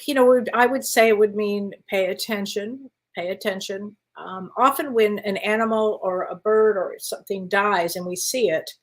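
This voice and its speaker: A woman co-hosting a casual spiritual chat show, an animated, chatty storyteller who reads viewer questions aloud. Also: medium pitch, normal speed, few pauses. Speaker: co-host. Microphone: live online show.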